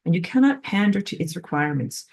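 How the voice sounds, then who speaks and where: A woman giving a spiritual class lecture in an animated way, filled with frequent "like". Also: lowish voice, fast. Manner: animated, acts out quoted voices, frequent "like". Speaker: spiritual teacher.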